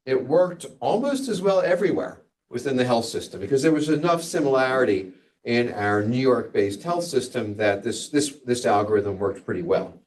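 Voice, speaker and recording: Wry physician lecturing from a distance. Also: male voice, mid-range voice, lively intonation, normal speed, a little mellow. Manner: conversational, digressive, wry asides. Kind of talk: grand rounds lecture.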